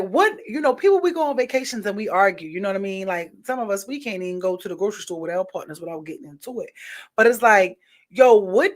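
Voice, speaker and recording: A woman talks straight to her audience in a loose, unscripted monologue. She is frank and opinionated, circling her point with fillers and restarts, and her voice sits at an ordinary middle pitch. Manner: candid, rambling, opinionated, with many fillers. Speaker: vlogger.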